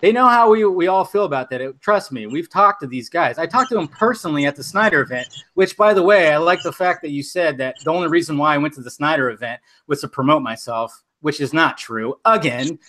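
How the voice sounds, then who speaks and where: A man's voice: on the high side, expressive, brisk, hardly any pauses, pushed and bright. A man hosting a podcast stream, arguing heatedly and defensively, swearing and repeating himself. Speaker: podcast host. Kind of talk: heated argument on a livestream.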